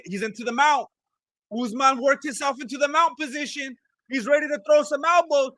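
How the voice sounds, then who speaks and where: A fight commentator with a very high-pitched, pushed, bright voice gives casual, joking play-by-play of a live fight, recorded with no room sound. He rambles and repeats himself throughout the watch-along.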